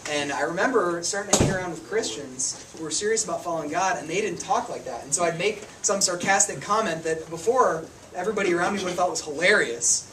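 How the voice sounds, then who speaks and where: A man's voice: high-pitched, fast talker, few pauses. Man preaching a casual sermon, distant mic. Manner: conversational, self-deprecating storytelling. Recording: distant mic with noticeable room noise.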